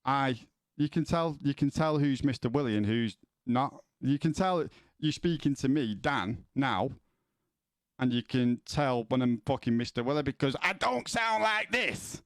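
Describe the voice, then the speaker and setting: A man's voice: medium pitch, normal speed, no room sound, studio quality. A man streaming from home, chatting casually with his viewers, rambling and swearing, often stumbling as he starts a sentence. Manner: sweary, rambling, repeats words when starting.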